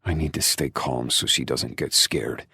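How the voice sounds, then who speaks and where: A man narrating a dark romance audiobook in the first person, with intense, emotional delivery and hushed passages. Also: a bass voice, steady tone, normal speed, husky, dry recording, clean studio sound.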